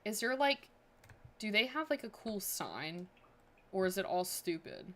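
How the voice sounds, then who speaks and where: A woman's voice: medium pitch, lively intonation, unhurried. A woman streaming a building game, chatting casually and thinking aloud with many fillers. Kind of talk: casual livestream chat.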